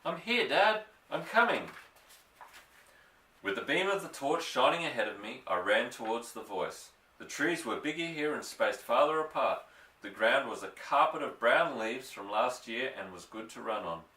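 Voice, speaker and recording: An audiobook reader, a man with a medium-pitched voice, narrates a children's story in a lively, expressive way, slowing down for moments of suspense. His tone is bright and forward. He is recorded from a distance, sitting slightly back from the mic, with a roomy echo trailing his words.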